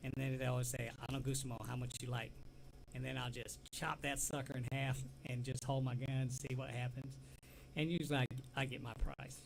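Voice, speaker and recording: A man with a Southern US accent co-hosts a casual talk show, his mid-range, gravelly voice delivered flatly and a little fast against a noisy background. He's a rambling storyteller who laughs easily and trails off mid-sentence in this relaxed chat.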